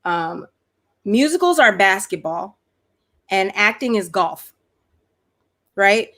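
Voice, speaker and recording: A woman's voice: medium pitch, slow. A middle-aged woman, a guest performer, chatting animatedly on a video call with many restarts and fillers. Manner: animated, talks with her hands in words, many restarts and "like". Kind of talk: casual video-call chat.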